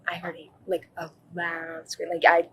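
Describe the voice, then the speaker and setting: A woman's voice: on the low side, completely flat delivery, moderate pace, slight background noise, rough recording. A young woman recounting a night's events to a police officer, rambling with lots of "like" and correcting herself as she goes, recorded by a body camera in a college dorm. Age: young adult. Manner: rambling, fillers of "like", self-correcting. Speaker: witness talking to police.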